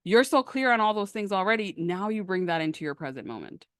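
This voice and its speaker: A woman coaching on a live stream in a lively, emphatic, conversational way, answering questions from the chat. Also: medium pitch, quick pace, no echo, clean studio sound. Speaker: manifestation coach.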